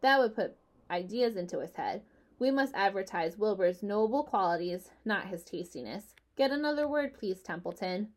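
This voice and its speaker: A woman's voice: medium pitch, lively intonation, moderate pace, natural voice. A woman voicing a wise, patient female spider in a storybook read-aloud, speaking earnestly and politely.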